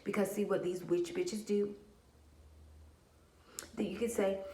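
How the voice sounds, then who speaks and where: A woman's voice: mid-range voice, slow pace, pauses often, mellow, reverberant. A woman talking casually to camera as a spiritual vlogger, blunt and profane, telling stories with lots of animation.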